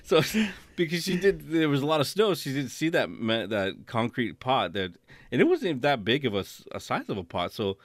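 A man with a mid-pitched voice hosts a loose conversation, rambling and restarting his sentences. The recording is dry and close. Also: sing-song, brisk, dry recording. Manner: rambling, many restarts and fillers. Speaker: podcast host. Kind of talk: casual chat.

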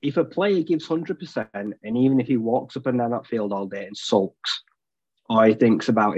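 A low-voiced man states his views bluntly on a sports podcast, without hedging. His voice comes over a dull, lo-fi line and sounds close and dry. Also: normal speed, darkish tone, slightly rough, dry recording. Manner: blunt, plain-spoken. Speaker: podcast co-host. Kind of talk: casual sports discussion.

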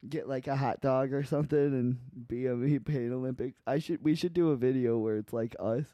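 Young male podcast co-host, dark dry voice, rambling crude banter. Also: mid-range voice, a little fast, no room sound. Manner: rambling, laughing, many restarts. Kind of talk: crude casual chat.

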